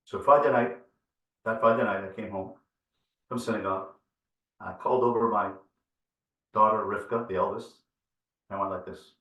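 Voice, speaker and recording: A man's voice: fairly low pitch, steady tone, moderate pace, long pauses, fairly bright tone, lo-fi sound. A man, a rabbi, giving an earnest storytelling lecture on parenting, piling up repeated phrases for emphasis. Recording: roomy, from far off the mic.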